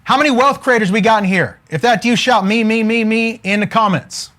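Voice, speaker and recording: Fairly quick and high-voiced, a man delivers wealth coaching on a live stream. He keeps things casual and energetic, cracking jokes in a preacher-like manner and repeatedly asking the audience to comment.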